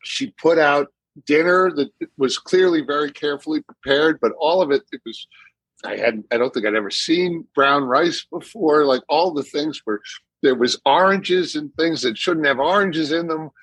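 Man, Boston accent, middle-aged, husky voice, dry close sound, animated storyteller. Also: a little high, moderate pace, dry recording, rough recording. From Massachusetts. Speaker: guest actor. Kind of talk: casual podcast chat.

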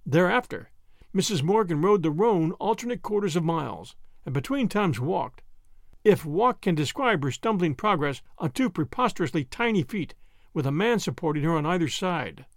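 A man narrating an audiobook in an animated reading style. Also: on the high side, moderate pace, no room sound, clean studio sound.

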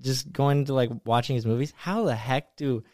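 A man's voice: medium pitch, normal speed, a little mellow, dry recording, clean studio sound. A young man co-hosting a podcast, telling stories in casual chat and laughing easily. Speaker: podcast co-host.

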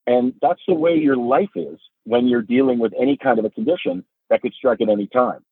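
Speaking a little fast with no echo, this husky middle-aged father of a son with epilepsy is a podcast guest on a dry, phone-like remote line. He recounts family life with earnest emphasis, and his pitch rises when he's moved.

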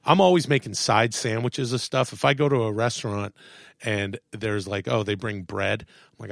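A man in a casual podcast chat, telling animated stories, swearing freely and acting out what people said. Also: lowish voice, normal speed, gravelly, dry recording, studio quality. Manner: animated storyteller, swears, acts out quotes. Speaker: podcast guest, actor and comedian. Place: podcast studio.

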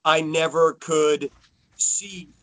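A man talking casually as a podcast guest, halting and repeating himself, with bursts of enthusiasm. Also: on the high side, fairly even intonation, a bit bright, dry recording. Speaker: podcast guest, school worker. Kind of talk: casual chat.

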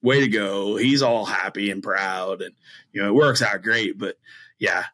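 Low, bright-voiced man telling hunting stories. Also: unhurried. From Midwest US. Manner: rambling, many fillers and restarts; animated, acts out quoted voices. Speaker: podcast guest, bowhunter. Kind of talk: casual storytelling.

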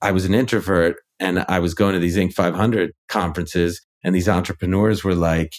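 A man's voice: deep voice, fairly even intonation, moderate pace. A man who is a ghostwriter and author, a guest in a casual conversation, talking through his ideas reflectively with many fillers.

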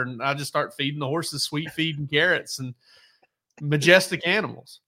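A man tells loose, meandering stories in a casual podcast chat, backing up to fix names and details as he goes. His voice sits a bit high and sounds bright and forceful. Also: brisk. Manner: rambling, self-correcting, laid-back storyteller. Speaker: sports reporter.

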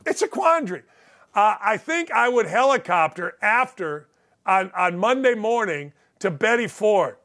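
A man's voice: high voice, expressive, a little slow, a bit bright. A middle-aged man hosting a sports talk show, delivering a blunt, sarcastic monologue and swearing freely. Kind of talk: opinionated sports commentary monologue.

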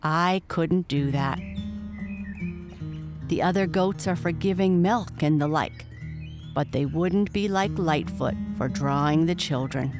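A woman's voice: low voice, slow, music in the background. A woman voicing a hopeful, eager young Irish boy with earnest speech in a storybook reading. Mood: downcast.

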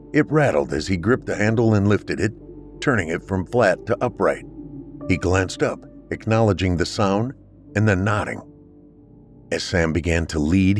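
Deep-voiced male story narrator. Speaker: podcast storyteller. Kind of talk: scripted narration of a horror story.

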